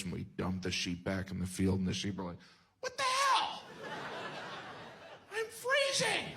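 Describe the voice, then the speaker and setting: A man's voice: deep voice, gravelly, background noise. A man doing a wry, observational stand-up comedy routine.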